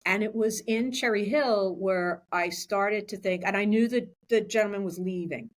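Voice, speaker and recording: A woman's voice: mid-range voice, normal speed, hardly any pauses. A woman in her sixties, a school superintendent, talking in a chatty way with many restarts in a podcast interview. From Philadelphia area, USA.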